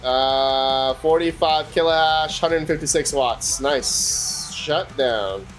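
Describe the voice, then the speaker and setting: A man hosts a casual livestream, chatting with viewers while he tests hardware. His voice is fairly high-pitched and he takes things slowly, with faint music in the background.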